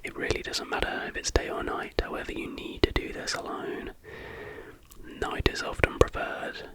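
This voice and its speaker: A man, an ASMR host, whispering an urban legend slowly and deliberately, like step-by-step instructions.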